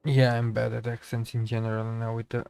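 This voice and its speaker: A man's voice: medium pitch, monotone, a little fast, creaky, a little mellow, clear, resonant tone, dry recording. Unwell man chatting while streaming a game. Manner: chatty, self-deprecating. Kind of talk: casual game commentary.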